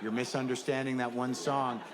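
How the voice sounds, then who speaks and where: A man's voice: mid-range voice, level tone, normal speed, noisy background. A middle-aged man doing a stand-up comedy set, riffing in a wry, sardonic, conversational way.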